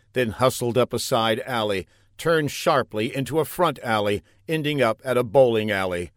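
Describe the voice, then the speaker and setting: Deadpan man reading a comic story. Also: medium pitch, dry recording, studio quality. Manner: deadpan, playful wordplay. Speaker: narrator. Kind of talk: comic audiobook narration.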